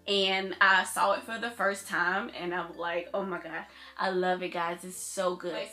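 A woman's voice: mid-range voice, pushed and bright. A young woman vlogging in casual chat, gushing and chatty, saying "like" a lot. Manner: gushing and chatty, says "like" often.

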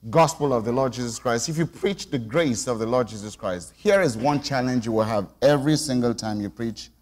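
Male preacher in a reverberant church. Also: mid-range voice. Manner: conversational, asks congregation to respond. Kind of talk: sermon. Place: church sanctuary.

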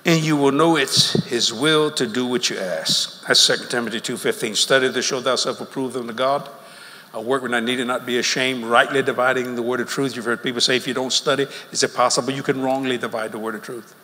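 Animated preacher in a big hall. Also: male voice, medium pitch, brisk. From Louisiana, USA. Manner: folksy, animated, laughing between lines. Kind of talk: sermon. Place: large church auditorium. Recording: long hall reverb with faint crowd ambience.

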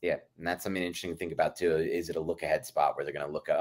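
A man's voice: a bass voice, flat delivery, rapid-fire. A man co-hosting a football podcast, giving emphatic, opinionated analysis and often addressing his co-host by name. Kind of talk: sports analysis chat.

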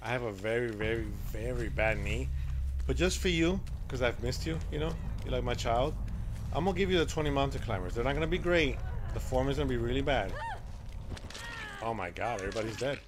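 A man live-streaming a game, chatting casually with his viewers and reacting loudly to the action. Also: medium pitch, expressive, fairly quick, background noise.

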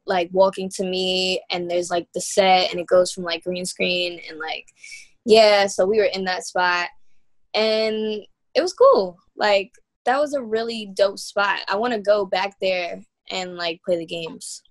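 A woman's voice: medium pitch, measured pace. A young woman from New York, a guest musician telling stories in a loose, slangy, laid-back way during a casual interview chat.

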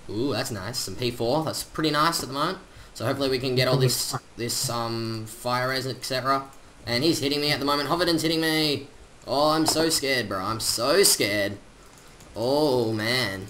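A man giving chatty, excitable commentary over his own gameplay, full of slang. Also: mid-range voice, brisk, a little hiss or hum. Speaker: gaming channel host.

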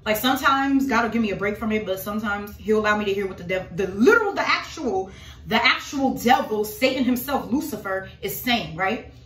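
A woman's voice: medium pitch, expressive, a little fast, fairly bright tone, roomy sound. A woman talking casually and dramatically to her followers about her faith, calling them y'all. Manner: emphatic, dramatic, addresses viewers as y'all. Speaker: religious vlogger.

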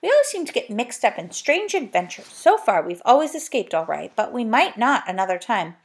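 A woman's voice: a little high, sing-song, brisk. A woman reading aloud, voicing an earnest, slightly wary young boy in a storybook.

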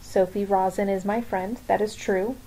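A woman reading the lines of a quiet, polite mother protecting her children. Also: medium pitch, fairly even intonation, normal speed, a little hiss or hum, lightly acted, rough recording.

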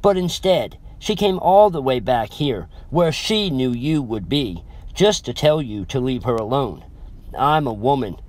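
A man's voice: mid-range voice, lively intonation, unhurried, natural voice. A man voicing a stern, loving middle-aged mother who speaks firmly and knowingly. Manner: firm, knowing, commanding.

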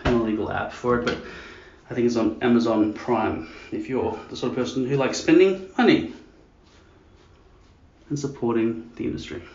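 A man's voice: mid-range voice, moderate pace, long pauses, darkish tone, a little hiss or hum. A man vlogging casually at home, joking and swearing as he rambles. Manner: crude, joking, mocking. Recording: echoey dull room sound.

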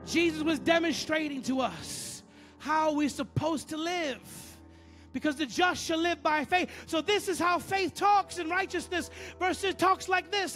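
A man with a strikingly high voice preaches a sermon, jumping from loud, driven lines to low, quiet asides. He repeats phrases over and over to drive them home. Soft music plays faintly underneath. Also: a little slow. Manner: preaches with sudden swings from loud bursts to low murmurs. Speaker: pastor.

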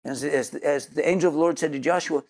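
A man's voice: fairly high pitch, fast talker, darkish tone. A man teaching as a Messianic Jewish preacher, delivering an earnest sermon and closing in prayer, often repeating words as he finds his thought. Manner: earnest, repeats words while searching for them.

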